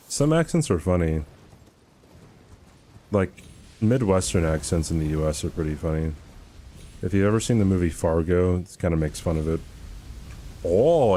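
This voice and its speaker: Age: unknown. Sex: man. Style: casual stream chat. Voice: deep, mellow. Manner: laid-back, slangy. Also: slight background noise. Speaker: livestreamer answering chat. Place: home streaming setup.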